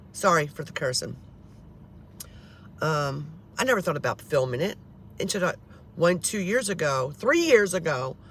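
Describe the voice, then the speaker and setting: A woman's voice: low-pitched, slight background noise. A woman in her fifties talking to her viewers in a casual, rambling vlog, frustrated and swearing, often restarting her sentences. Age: 50s. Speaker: paranormal vlogger. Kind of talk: casual rambling monologue to camera.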